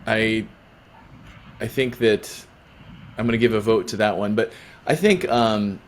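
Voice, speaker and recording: A man's voice: lowish voice, steady tone, measured pace, slight background noise. A man hosting a casual podcast interview, asking lighthearted questions in a playful way. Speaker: podcast host.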